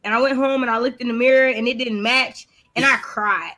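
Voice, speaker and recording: A woman's voice: on the high side, a little fast. A woman in casual chat on a video call, telling stories bluntly and animatedly. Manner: animated, blunt, laughing storyteller. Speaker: writing stream co-host.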